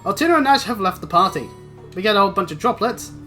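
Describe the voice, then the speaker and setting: A man's voice: high voice, lively intonation, fast talker, bright, forceful tone, faint music behind. A man from Britain casually commenting while playing a video game, chatty and prone to restarting his sentences. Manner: chatty, rambling, self-interrupting. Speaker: let's play host.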